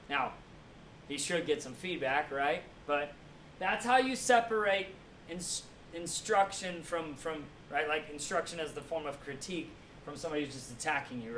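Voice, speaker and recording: A man's voice: fairly high pitch, a bit bright. Man lecturing in an echoey classroom. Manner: keeps checking in with listeners by asking "right?". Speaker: teacher. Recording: echoey room, mic far off, faint noise.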